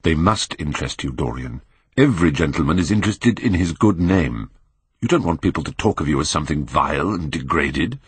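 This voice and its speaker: A man voicing an earnest Victorian painter, grave and pleading in a deep voice. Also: lively intonation, fairly quick, breathy edge, dry recording, exaggerated voice. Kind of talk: audiobook character reading.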